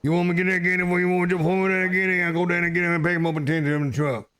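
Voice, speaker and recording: A man voicing a loud, hearty Cajun gator hunter with a thick accent. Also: high voice, rapid-fire, voice pushed up. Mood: rowdy. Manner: boisterous, shouting, animated.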